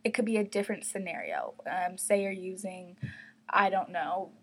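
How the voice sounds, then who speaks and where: A woman's voice: on the low side, moderate pace, slightly rough. A teenage girl hosting her own podcast, talking casually and openly, laughing often and filling her talk with likes and ums. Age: teens. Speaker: podcast host. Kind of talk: casual solo podcast chat.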